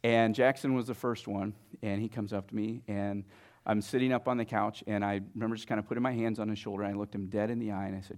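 A man in his thirties preaching a sermon as a pastor, telling stories conversationally and swinging from booming lines to hushed, near-whispered ones. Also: steady tone, fast talker. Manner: conversational, many fillers like "like" and "right".

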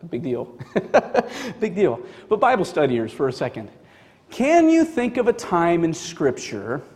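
Animated high-voiced preacher in a hall. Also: male voice. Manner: animated, emphatic, casual with many fillers. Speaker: pastor. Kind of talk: sermon. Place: church sanctuary.

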